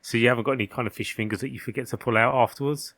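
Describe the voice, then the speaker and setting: A man's voice: medium pitch, fairly even intonation, rapid-fire, fairly bright tone, no echo. A man in casual podcast chat, joking and bantering as a guest. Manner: jokey, banters and calls people mate.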